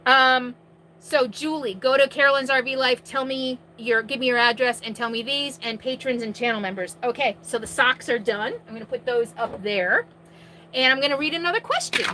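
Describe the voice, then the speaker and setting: A woman with a high, bright voice runs a live question-and-answer stream from inside her RV. She talks in a chatty, loose way with restarts and projects loudly so her viewers can hear. A faint hum sits under her voice. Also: normal speed, rough recording. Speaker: RV vlogger hosting a live Q&A. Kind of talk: casual live-stream chat.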